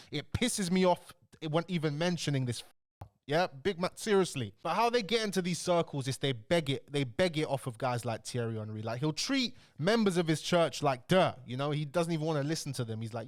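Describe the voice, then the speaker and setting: A man's voice: on the high side, expressive, normal speed, no room sound, clean studio sound. A young man with a London accent hosting casual reaction commentary, blunt and heated, full of slang. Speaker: commentary channel host.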